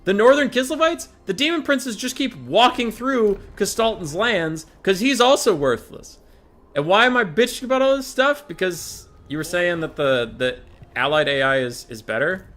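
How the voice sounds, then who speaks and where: A man's voice: a little high, a bit bright. A young man casting a gaming tournament in casual, profane, exasperated commentary. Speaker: tournament caster.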